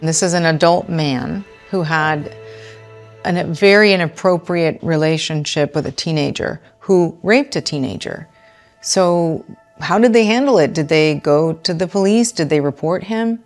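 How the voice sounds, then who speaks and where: Woman interviewer, lower voice, gentle probing, faint music. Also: measured pace. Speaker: reporter, interviewer. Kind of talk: documentary interview.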